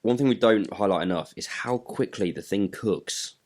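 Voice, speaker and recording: A man's voice: lowish voice, normal speed, darkish tone. An older man co-hosting a podcast, chatting in an easygoing way and laughing often. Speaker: podcast co-host. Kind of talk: casual chat.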